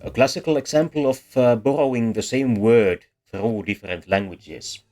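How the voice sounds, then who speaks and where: A man's voice: medium pitch, moderate pace, darkish tone, soft background music. A man explaining a lesson in voice-over, hesitant and full of fillers and restarts. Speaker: language history explainer.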